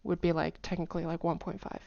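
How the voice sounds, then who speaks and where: Woman, casual language lesson, low-ish voice, chatty with fillers, dry slightly dull recording. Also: little pitch movement, fast talker, creaky, dry recording. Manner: chatty, many fillers, hums and sings tone patterns. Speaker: language teacher.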